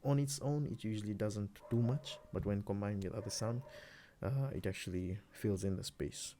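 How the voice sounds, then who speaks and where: Man, low voice, music producer, relaxed rambling explanation, home studio tutorial. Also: normal speed, slight background noise. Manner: relaxed, rambling, many fillers and restarts. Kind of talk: casual screen-recorded tutorial.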